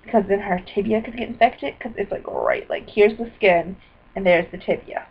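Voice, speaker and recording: A woman talking into her computer's webcam in a rambling video diary, scattered and apologetic, with bursts of excitement. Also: mid-range voice, moderate pace, vocal fry, husky. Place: indoors at a computer. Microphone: built-in computer webcam mic. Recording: dull lo-fi webcam audio.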